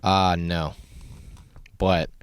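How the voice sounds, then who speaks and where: A man's voice: deep voice, flat delivery, drawn-out words, clean tone. A man from North Carolina, a comedian, chatting casually on a podcast with brief, dry, wry remarks. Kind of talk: casual chat.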